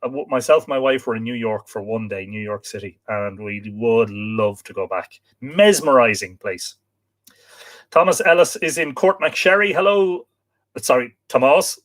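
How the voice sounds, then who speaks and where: An Irish man hosts a casual live stream and welcomes viewers one at a time from the comments. He talks in an easygoing way, with plenty of hesitations and little repeated starts. His voice sits at an ordinary middle pitch for a man. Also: lively intonation, moderate pace. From Ireland. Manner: reads out viewers' names and greets them warmly, with frequent hesitations.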